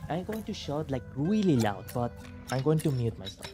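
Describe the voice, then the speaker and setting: A man streaming a game, chatting casually with a hoarse voice and frequent self-corrections. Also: mid-range voice, sing-song, normal speed, music in the background. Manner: chatty, self-interrupting, bilingual asides. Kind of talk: casual gameplay chat.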